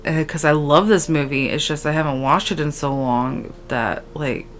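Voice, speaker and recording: Tired and speaking low, a woman rambles through her solo podcast in a scatterbrained way, leaning on valley-girl fillers. She talks at a normal speed into a podcast microphone, with a bit of background noise audible.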